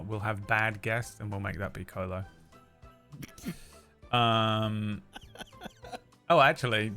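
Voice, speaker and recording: A man's voice: medium pitch, gravelly, fairly bright tone. A man running a tabletop role-playing game as game master, jokey and rambling, with many fillers.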